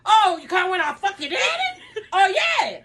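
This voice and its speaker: A woman, a mother ranting loudly, swearing and laughing through tears. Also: very high voice, big pitch swings, normal speed. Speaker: mother being pranked. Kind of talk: loud emotional rant.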